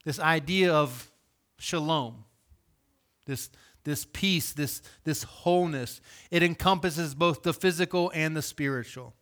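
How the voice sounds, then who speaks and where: A male pastor delivering a sermon in an animated, conversational preaching manner. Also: fairly high pitch, a little slow.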